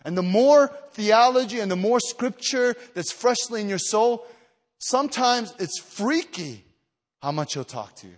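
A man's voice: high voice, animated, measured pace, big-room sound. A man preaching a sermon to a retreat gathering, telling stories with lots of fillers and restarts, then building to emphatic exhortation. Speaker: pastor.

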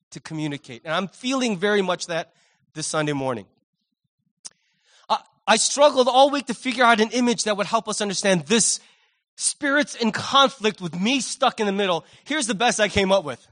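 A male pastor preaching a Sunday sermon, telling a vivid story with humor and lively energy. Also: sits high.

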